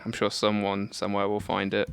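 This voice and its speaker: South african guy cohosting, lowish voice, dry sound, kinda skeptical and offhand. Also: completely flat delivery, a little fast, gravelly, a bit bright, smooth, no echo. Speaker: podcast co-host. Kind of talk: casual chat.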